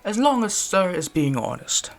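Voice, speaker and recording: A man's voice: sits high, sing-song, normal speed, gravelly, faint music behind, exaggerated voice. Dash, a man doing a prim British barista. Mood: polite. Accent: put-on British. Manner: stiffly polite and formal. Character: formal, courteous young male barista. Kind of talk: reading a visual novel aloud.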